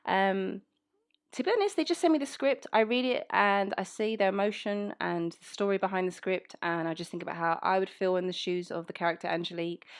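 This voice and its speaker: A woman's voice: lowish voice, clean tone. A woman with a fairly well-spoken South London accent, chatting frankly and reading out listener questions for a voice actor's Q&A. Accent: South London English, fairly well-spoken. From South London, England. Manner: chatty, frank, many "um"s, reads questions aloud. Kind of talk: casual Q&A chat.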